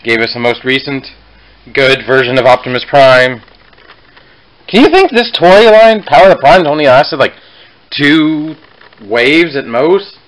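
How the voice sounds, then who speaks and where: A man's voice: mid-range voice, very animated, a little slow, rough recording. Chatty rambling male toy reviewer. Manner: rambling, self-correcting, chatty asides. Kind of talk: casual review vlog.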